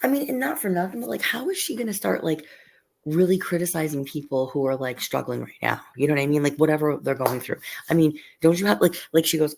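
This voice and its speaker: A woman's voice: low-pitched, fast, gravelly, darkish tone. A woman chatting casually on a livestream, rambling with many fillers and restarts as she gossips. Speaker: livestream co-host.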